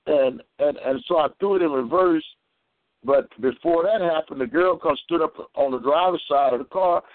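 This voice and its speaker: Guy preaching a story over the phone, kinda high voice, tinny dry line, keeps repeating himself. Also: moderate pace, no echo. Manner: storytelling, repeats and restarts words. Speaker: preacher on a community call. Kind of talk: preaching testimony.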